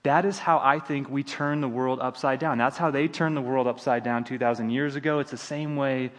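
A male pastor delivers a sermon in a conversational, easygoing manner, often restarting his sentences. His voice sits at an ordinary pitch. The sanctuary around him adds a long, echoing reverb. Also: steady tone, a little fast. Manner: conversational preaching with frequent restarts.

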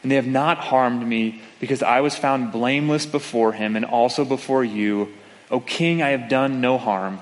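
A man preaching from a pulpit, telling his story and the scripture in an easy, conversational way. His voice sits at an ordinary middle pitch. A long reverb trails after his words in a large church hall. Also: steady tone, normal speed, hardly any pauses. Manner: conversational storytelling with acted-out quotes. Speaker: pastor. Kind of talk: sermon.

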